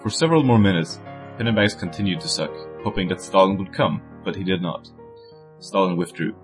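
Brief: deep male voice, deadpan comic reader, faint music underneath. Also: fairly quick. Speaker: stream co-host reading fan fiction. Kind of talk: comic dramatic reading.

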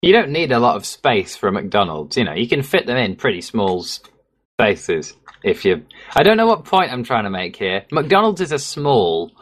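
A man's voice: medium pitch, sing-song, moderate pace, a bit bright. An English man with a Midlands accent, co-hosting a podcast in a rambling, self-mocking way and laughing easily. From England. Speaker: podcast co-host. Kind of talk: casual podcast chat.

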